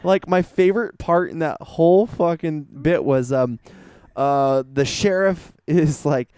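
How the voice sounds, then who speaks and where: A man's voice: a little high, unhurried, darkish tone, smooth, dry recording, studio quality. A young man co-hosting a podcast, talking casually and rambling, swearing and laughing often. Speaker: podcast co-host.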